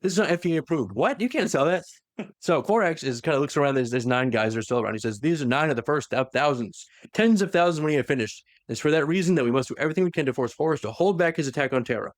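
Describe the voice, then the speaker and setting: Animated man retelling a story. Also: medium pitch, no echo, studio quality. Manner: animated, acts out characters' lines in quick voices. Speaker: podcast co-host retelling a novel. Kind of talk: casual lore recap chat.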